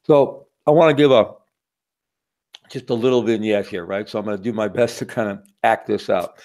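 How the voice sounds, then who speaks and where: A man's voice: lowish voice, normal speed, darkish tone. A man giving a teaching talk in a conversational way, often checking in with the audience. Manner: conversational, asks the audience with a frequent "right?". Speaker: workshop speaker.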